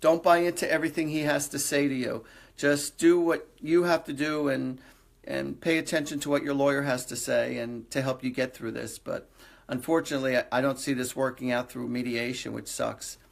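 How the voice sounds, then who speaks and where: This middle-aged man hosts a live psychic reading, his gravelly mid-range voice moving at a moderate pace with fairly even intonation. Earnest and reassuring, he tends to repeat phrases and keeps things light with small jokes.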